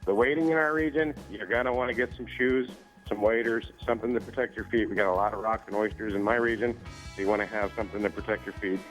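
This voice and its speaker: Male fishing-report host, lowish voice, matter-of-fact, faint music under. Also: fast, poor audio. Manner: steady, informative listing.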